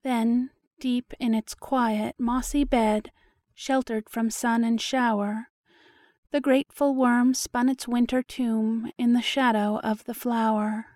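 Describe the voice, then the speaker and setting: A woman narrating a storybook poem with a slow, measured recital. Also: on the high side, steady tone, a little mellow, no room sound, studio quality. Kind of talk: reading a story poem aloud.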